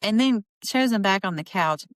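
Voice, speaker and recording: A woman's voice: medium pitch, normal speed, dry recording. Chatty indignant woman podcaster. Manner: chatty and indignant, quoting people in lively voices. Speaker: podcast host. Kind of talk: casual commentary on a reality show.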